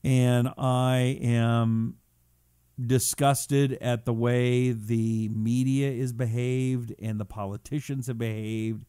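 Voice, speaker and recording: A man's voice: medium pitch, level tone, slow pace, warm tone, clean tone, no echo, clean studio sound. A man hosting his own live talk show in a casual, playful, joking way, greeting his listeners. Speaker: radio and podcast host.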